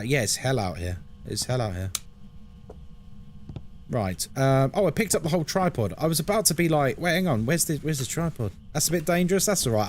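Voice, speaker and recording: A man's voice: mid-range voice, a little hiss or hum. A man, chatting casually and joking with his audience while live-streaming a horror game. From England. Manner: chatty, jokey, self-deprecating. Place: home room by a busy road.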